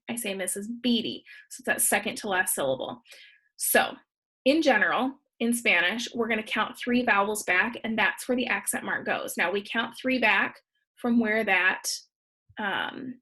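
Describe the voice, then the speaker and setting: A woman's voice: a little high, fairly bright tone, slightly rough. A woman, a Spanish teacher, explaining grammar patiently step by step in a recorded slideshow lesson.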